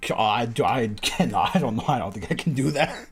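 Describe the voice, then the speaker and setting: A man's voice: medium pitch, sing-song, fairly quick, over loud music. A man streaming a game, chatting casually in a rambling, distracted way with lots of hesitation. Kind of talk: casual game-reading livestream chat.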